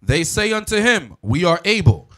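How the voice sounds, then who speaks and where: A man reading Bible verses aloud in a measured, deliberate way during a sermon. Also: high-pitched, sing-song, a bit bright. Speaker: scripture reader.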